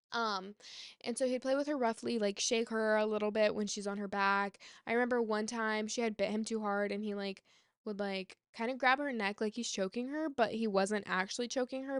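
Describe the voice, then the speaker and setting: A young woman tells a personal story, chatty and exasperated, her speech full of "like" and "um." Her voice sits at an ordinary pitch and comes out smooth and clear. The sound is dry and close, with no room echo. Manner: chatty, frequent "like" and "um" fillers; exasperated, emphatic. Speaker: vlogger. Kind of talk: casual storytime monologue.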